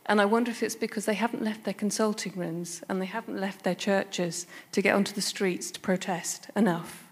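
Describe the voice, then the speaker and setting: A woman's voice: medium pitch, steady tone, fairly quick, slightly rough. An English woman in the audience putting a question from the floor, earnest and a little wry. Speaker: audience member asking a question. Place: London event hall.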